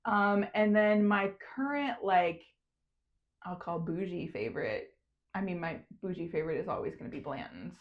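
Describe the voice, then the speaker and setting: A woman's voice: lowish voice, lively intonation, normal speed, lo-fi sound. A young adult woman from Kentucky with a light Kentucky accent, co-hosting a casual podcast chat and laughing often. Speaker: podcast co-host.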